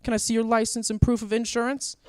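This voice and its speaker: A man's voice: very high-pitched, level tone, fast, clean tone, dry recording, studio quality, pitched above the performer's own voice. A man doing a polite traffic cop. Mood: politely formal. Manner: courteous, formal.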